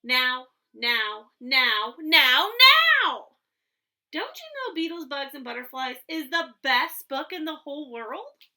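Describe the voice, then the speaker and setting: A woman voicing an eager, insistent little girl who is excitable and obsessed with one book. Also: sits high, normal speed, heavily acted.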